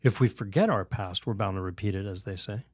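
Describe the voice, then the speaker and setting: A man, a priest on a podcast, telling a story and teaching in a lively, rambling way. He laughs often and restarts his sentences. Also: on the low side, fairly quick, husky, dry recording, studio quality. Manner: animated, laughs while telling stories; rambling restarts, many "you know"s. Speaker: Catholic priest, podcast guest.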